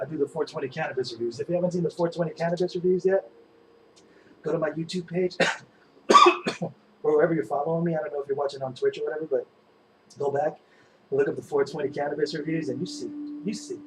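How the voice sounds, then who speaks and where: A man's voice: on the high side, fairly even intonation, quick pace, background noise. A middle-aged man hosting a casual painting livestream, rambling in a laid-back way with lots of "man" and "dude" and plenty of swearing. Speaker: livestream host. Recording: music playing behind the voice.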